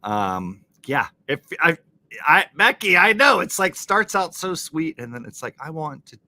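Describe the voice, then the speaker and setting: A man's voice: on the high side, very animated, measured pace, sharp tone. A man hosting a casual live-stream crossword show, chatting with viewers and laughing often with jokey asides. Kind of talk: casual live-stream chat, reading chat comments.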